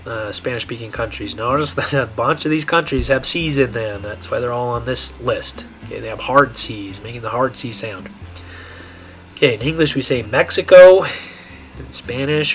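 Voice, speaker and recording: A man giving a Spanish pronunciation lesson, repeating each word slowly and checking in with the learner. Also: medium pitch, a bit bright. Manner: slow, repetitive modeling of words with frequent checks. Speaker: Spanish teacher.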